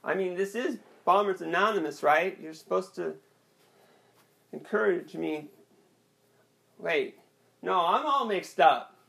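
Young man, stand-up comic, gravelly fry, unhurried, halting deadpan rambling. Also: sits high. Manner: hesitant, rambling, deadpan delivery with many restarts. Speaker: stand-up comedian. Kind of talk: awkward self-deprecating stand-up set.

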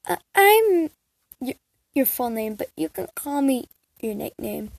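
A woman's voice: very high voice, a little slow, darkish tone, no echo, voice pushed up. A woman voicing a timid, apologetic teenage girl who speaks in a shaky, nervous voice in a fan fiction read-aloud.

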